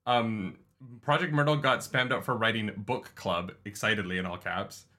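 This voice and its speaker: A man co-hosting a casual livestream book club, talking in an animated, joking way and laughing often. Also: on the low side, normal speed. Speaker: co-host of a book club stream.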